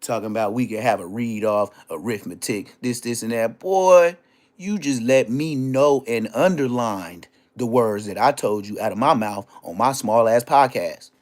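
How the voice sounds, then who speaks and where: A man rants on his livestream at normal speed in a darkish voice. He goes after a rival with heated, taunting profanity, moving between low growls and high-pitched yelps.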